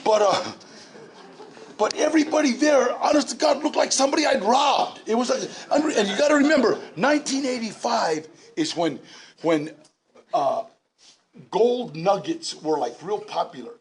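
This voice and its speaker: A man in his sixties telling his story at a recovery meeting, animated and laughing, with shouted bursts. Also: very high voice, moderate pace. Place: large indoor meeting room.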